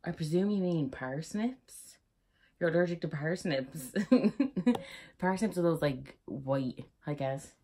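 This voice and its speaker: A young woman with an Irish accent talks through her vlog in a low, husky voice, easily set off into giggles. Her tone is dark and mellow, and she chats in a loose, rambling way. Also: a little slow. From Ireland. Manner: giggly and chatty, prone to laughing fits. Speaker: YouTuber. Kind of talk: casual vlog chat.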